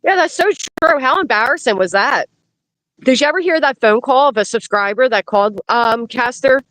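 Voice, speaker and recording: A woman's voice: high-pitched, animated, normal speed, a bit bright, no echo, low-quality recording. A woman from Pennsylvania giving blunt, emphatic commentary on a casual live stream. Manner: blunt, emphatic, repeats warnings.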